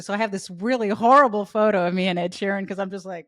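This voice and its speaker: A woman co-hosts a casual chat podcast in a mid-pitched voice. She asks questions and tells her own stories, with giggles running through her speech. The sound is dry and close. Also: steady tone, fast talker, no echo. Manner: giggly, warm interviewer with frequent laughs. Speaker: podcast co-host.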